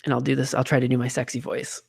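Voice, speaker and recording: A man hosts a casual talk with friends. His voice is mid-pitched with a gravelly, fry-tinged texture. He rambles easily, restarting sentences and filling pauses. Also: level tone. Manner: chatty, lots of fillers and restarts. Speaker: host. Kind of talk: casual chat.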